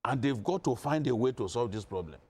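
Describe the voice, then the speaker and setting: A man's voice: medium pitch, expressive, a little fast, darkish tone, slightly rough. A man from northern Nigeria speaking as a guest on a news panel, emphatic and insistent, hammering his points with repetition. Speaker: studio guest commentator. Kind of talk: impassioned panel discussion.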